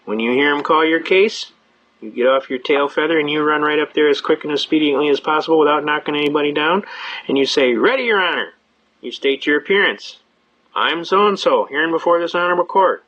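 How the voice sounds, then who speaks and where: A middle-aged man tells a story in a rapid, animated storytelling style, slipping into the voices of the people in it. His voice sits a little high, and the recording is dull and lo-fi. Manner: talks fast, acts out voices of police and judge. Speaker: speaker telling a courtroom story. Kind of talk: fast-paced storytelling speech.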